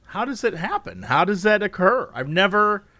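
A man's voice: sits high, big pitch swings, pushed and bright. A man in casual podcast chat, joking playfully and firing off questions. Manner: playful, quick reactions, asks questions. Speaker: podcast co-host.

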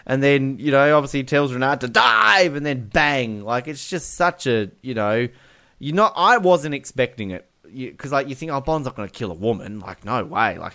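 A man's voice: medium pitch, a bit bright, clean tone. A man talks through a film scene by scene in casual podcast chat. He laughs a lot and acts out the characters' lines.

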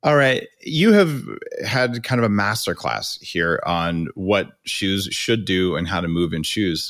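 A man hosting a podcast interview, enthusiastic and quick to thank his guest. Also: lowish voice, fairly bright tone, no echo, studio quality. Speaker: podcast host.

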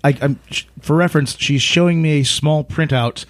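A man's voice: fairly high pitch, normal speed, slight background noise. A man co-hosting a podcast in casual chat, jokey with dry, self-mocking asides. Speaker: podcast co-host.

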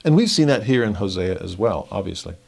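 A middle-aged man giving an earnest scripture commentary, reading verses slowly and telling a family story. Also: low voice, animated, vocal fry, husky. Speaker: scripture teacher.

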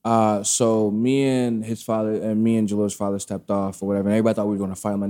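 A man casually telling a personal story, candid and animated, acting out the dialogue. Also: fairly low pitch, fast, few pauses. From Brooklyn, New York family roots.

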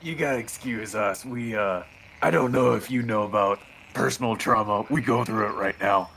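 A man playing a tabletop game in character, using a gravelly voice with dry sarcasm. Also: on the low side, moderate pace, fairly bright tone. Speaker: player.

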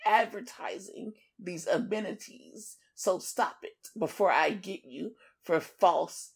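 A woman co-hosting a podcast in casual chat, telling a story in an animated, profane way and acting out the other people in it. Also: medium pitch, slow pace, creaky, slightly rough. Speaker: podcast co-host.

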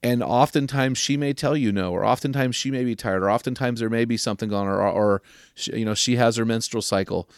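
An older man hosting a podcast, giving earnest advice to men and slowing down to stress key questions. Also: mid-range voice, dry recording, clean studio sound. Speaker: podcast host.

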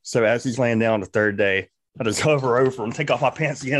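A man co-hosting a podcast, telling a crude, animated comic story full of profanity. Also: medium pitch, fairly quick, few pauses. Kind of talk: casual comedic storytelling.

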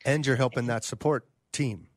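A man's voice: medium pitch, moderate pace, dry recording, studio quality. A man co-hosting a podcast, asking long, hesitant questions with many restarts. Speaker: co-host. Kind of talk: casual interview chat.

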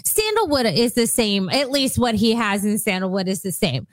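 A woman's voice: a little high, animated, normal speed, no echo. A woman, co-hosting a casual cocktail-making show, playful and crude, laughing often. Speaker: co-host.

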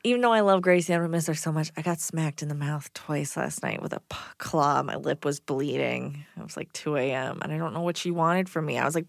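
An earnest, easygoing woman co-hosts a podcast in casual chat. Her voice sits on the low side. The recording is dry and close. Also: fast, vocal fry, few pauses, dry recording. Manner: easygoing, earnest, with frequent fillers. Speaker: podcast co-host.

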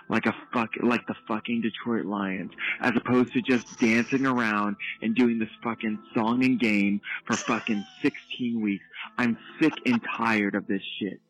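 A man's voice: mid-range voice, a bit bright, rough recording. A man leaving an exasperated, profane voicemail rant as a caller.

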